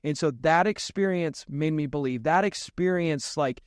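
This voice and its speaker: A man guesting on a podcast, spinning an animated story and acting out the dialogue as he goes. His voice sits a little high, and he laughs often. The sound is dry and close to the mic. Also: moderate pace, smooth, dry recording. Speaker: podcast guest, real estate investor. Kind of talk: casual storytelling interview.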